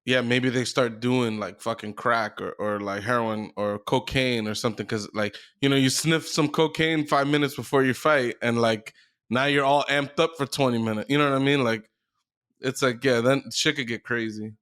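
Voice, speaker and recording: A man of middle pitch chats loosely on a podcast, piling up fillers and swear words as he thinks aloud. His voice sits plainly in the middle of the range. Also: normal speed, a bit bright. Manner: rambling, filler-heavy, profane. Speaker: podcast co-host. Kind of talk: casual chat.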